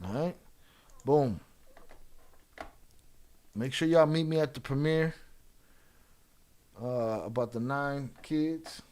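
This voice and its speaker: A man's voice: mid-range voice, slow pace, long pauses, a little mellow. A man hosting a livestream, chatting casually with viewers and teasing them with loose, profane banter. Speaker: livestream host. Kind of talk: casual chat with live viewers.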